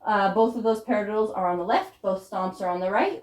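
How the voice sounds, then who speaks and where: A woman's voice: medium pitch, fairly quick, very noisy. A woman teaching a tap dance routine, counting and calling out step names in rhythm while she dances, audibly out of breath. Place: dance studio. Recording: echoey room with loud tap clicks.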